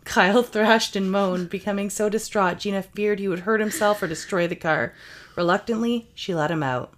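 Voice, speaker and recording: A woman's voice: medium pitch, normal speed. A woman podcast co-host reading a spooky romance story aloud, with playful asides. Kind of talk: comedic story reading with banter.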